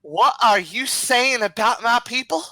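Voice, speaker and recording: A man voicing a young swamp-folk ferrywoman who speaks haltingly, full of hesitations. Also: very high-pitched, sharp tone, no room sound, voice pushed up, exaggerated voice. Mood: offended.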